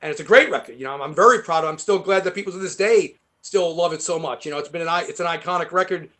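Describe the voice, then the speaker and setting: Fast-talking New York man, high voice. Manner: rambling, animated storytelling with many fillers. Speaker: guest guitarist. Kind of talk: casual interview chat.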